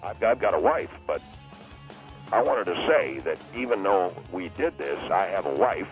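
A man voicing a timid, groveling man who pleads meekly in a low mumble, on a comedy radio show. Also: big pitch swings, normal speed, soft background music, poor audio. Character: meek, groveling submissive man, cowed. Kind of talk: comedic radio character acting.

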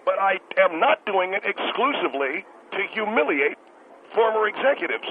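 A man puts on a bitter restaurant owner calling in to a comedy radio show, stumbling over his words and circling back with indignant repeats. His voice sits fairly high and comes through a tinny, hissy phone line. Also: sing-song, normal speed. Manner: indignant, stammering, repeats himself. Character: bitter, stammering male restaurant owner caller. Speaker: caller. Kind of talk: comedic radio call-in bit.

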